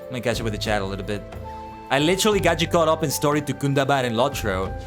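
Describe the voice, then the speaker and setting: A male streamer talks casually with his chat, reading messages aloud and answering them as they come in. His pitch sits in the middle but swings widely and animatedly. Music plays clearly behind him. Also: expressive, quick pace. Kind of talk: casual chat with live viewers.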